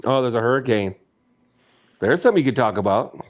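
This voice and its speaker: A man with a lively voice that moves up and down a lot jokes his way through a casual live-stream chat. He swears freely and needles the others with quick teasing questions. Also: medium pitch.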